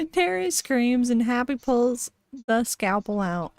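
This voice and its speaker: A woman's voice: on the high side, big pitch swings, takes it slowly, no room sound. A woman streamer casually reading a horror story aloud, giggly, with frequent laughs and dry asides.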